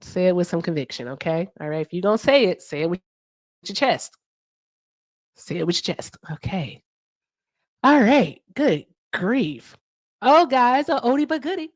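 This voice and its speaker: A woman's voice: on the low side, sing-song, a little slow, long pauses, dry recording, studio quality. A woman hosting a livestream, questioning callers in a blunt, teasing way. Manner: blunt, teasing, talks straight to viewers. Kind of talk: casual live-stream chat.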